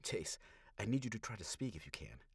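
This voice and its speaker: Man reading patient doctor, low voice, measured, coaxing, dry sound. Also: very animated, husky, no room sound, full character voice. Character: calm, patient male doctor. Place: small hot home recording booth.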